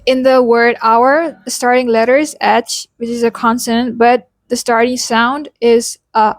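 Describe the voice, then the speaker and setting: A young Indian woman with an Indian English accent, teaching pronunciation as an accent coach, repeating example words slowly to demonstrate them. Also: a little high, flat delivery, dry recording, studio quality. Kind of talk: pronunciation lesson.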